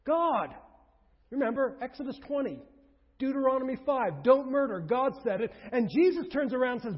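A pastor preaching a sermon, emphatic, with rhetorical questions, swinging between loud and hushed. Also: male voice, very high-pitched, very animated, normal speed, breathy edge. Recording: reverberant hall, dull lo-fi sound.

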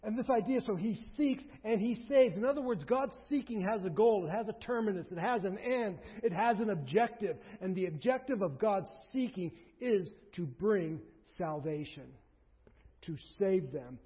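Husky high-voiced man preaching in a hall. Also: animated, moderate pace. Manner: emphatic, builds through repeated phrases. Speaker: pastor. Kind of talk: sermon. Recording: dull sound with long hall reverb.

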